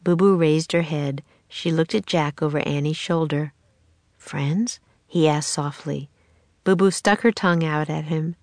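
Narrator: woman, lower voice, dry close sound, expressive kids' story read-aloud. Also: moderate pace, hardly any pauses, no room sound.

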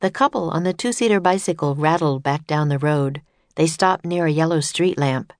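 A woman narrating a children's storybook aloud in a steady, plain way. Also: low-pitched, normal speed, dry recording, clean studio sound.

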